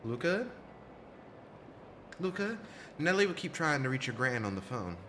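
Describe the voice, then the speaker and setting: A man's voice: medium pitch, sing-song, normal speed, a bit bright, a little hiss or hum, pitched above the performer's own voice. A man voicing a kindly adult townsperson in a game, with a put-on country accent and a raised, folksy tone. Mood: concerned.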